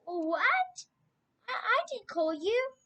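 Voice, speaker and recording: A woman voicing a sleepy old male priest in a storybook reading, tired and a little gruff. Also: very high-pitched, big pitch swings, drawn-out words, pushed and bright, voice pushed up, heavily acted.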